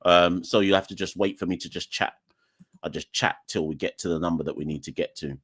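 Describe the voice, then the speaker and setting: A man's voice: sits low, steady tone, fairly quick, fairly bright tone, slightly rough. A young man, hosting a live call-in podcast in a defiant, joking, ranting manner. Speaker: podcast host. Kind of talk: live call-in show chat.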